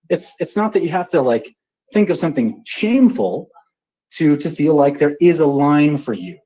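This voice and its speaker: A man hosting a casual live audio chat, joking and animated as he talks. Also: a little high, moderate pace, poor audio. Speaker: show host.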